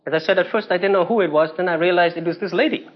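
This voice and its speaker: High-voiced husky male preacher. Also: very fast, muffled recording. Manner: emphatic storytelling with rhetorical questions. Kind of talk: sermon.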